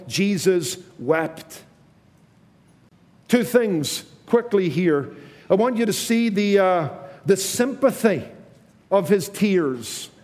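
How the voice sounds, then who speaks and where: A man preaching a sermon, slow and emphatic, repeating key phrases to his congregation. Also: high voice, darkish tone, in a large hall.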